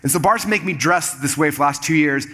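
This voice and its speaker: A man tells a rapid-fire story from the stage to a live crowd. His voice sits somewhat high and rings bright and forceful. He keeps slipping into other people's voices as he acts out what they said. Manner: animated, acts out quoted dialogue in shifting voices. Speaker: keynote speaker. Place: live event stage with audience.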